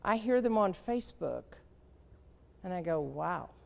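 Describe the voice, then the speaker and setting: A woman leadership trainer giving a live seminar talk, with slow, questioning, storytelling delivery and a gravelly voice. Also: lowish voice, lively intonation, big-room sound.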